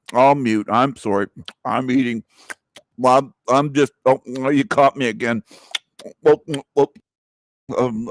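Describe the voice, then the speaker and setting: A man's voice: medium pitch, a little hiss or hum, natural voice. A man putting on the voice of a panelist talking through a mouthful of food, muffled and stammering.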